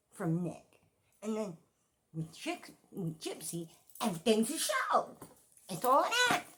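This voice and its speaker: A middle-aged woman who runs a true-crime commentary vlog rants in a high-pitched voice, swearing a lot and hammering her points home through emphatic repetition. Slight background noise can be heard.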